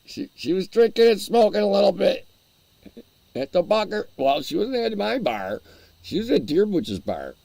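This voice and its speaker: A man's voice: sits high, big pitch swings, moderate pace, creaky, mellow, dry recording. A man hosting a casual livestream, rambling and chuckling as he answers his chat while eating. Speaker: livestream host.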